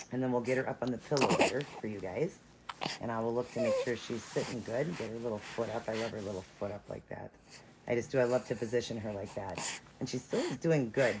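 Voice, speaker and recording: A woman's voice: a bass voice, background noise. A woman chatting to her viewers as she grooms and dresses a doll, gushing and chatty. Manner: gushing, chatty, talks to viewers while working. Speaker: reborn doll vlogger. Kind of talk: casual show-and-tell narration.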